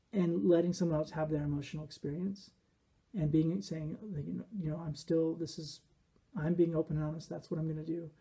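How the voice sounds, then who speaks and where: Mellow, husky-voiced man musing. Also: a little high. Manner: rambling, reflective, with quoted asides. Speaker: behaviorist commentator. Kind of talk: casual commentary.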